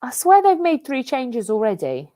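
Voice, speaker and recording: A woman's voice: high-pitched, wildly swooping pitch, normal speed, dark tone, no echo, studio quality. A young woman co-hosting a football watch-along, ranting and swearing at the match. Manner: swearing, explosive outbursts at the match. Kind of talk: live watch-along chat.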